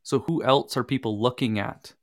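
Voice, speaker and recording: A man co-presents a casual workshop in a voice of middle pitch. He explains calmly and steadily, with some restarts. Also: moderate pace.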